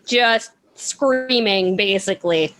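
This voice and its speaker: A woman's voice: mid-range voice, slow pace, a bit bright. A woman chatting as a podcast guest about tabletop game characters, bubbly and self-deprecating. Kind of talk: casual podcast chat.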